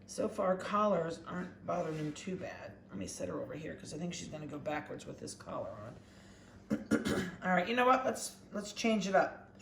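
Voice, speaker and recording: Casual dog breeder, soft coaxing talk to puppies, mid-pitched voice, echoey indoor room. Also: lively intonation, moderate pace, gravelly. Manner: chatty, talks softly and coaxingly to the puppies. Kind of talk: casual narration while weighing and collaring puppies. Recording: echoey room with faint background noise.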